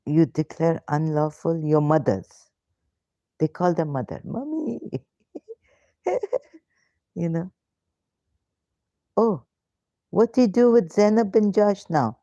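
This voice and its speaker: A woman's voice: sits low, a little slow, dark tone, dry recording. A woman hosting a live question-and-answer talk, emphatic and indignant, piling up rhetorical questions with hesitant fillers and broken grammar, on dull lo-fi stream audio. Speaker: ex-Muslim question-and-answer host.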